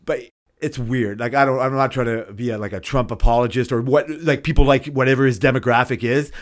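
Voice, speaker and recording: A man's voice: mid-range voice, fairly even intonation, a little fast. A man in his fifties co-hosting a podcast, chatting casually and rambling with lots of filler phrases. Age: 50s. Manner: rambling, full of "like" and "you know what I mean". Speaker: podcast co-host. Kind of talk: casual chat.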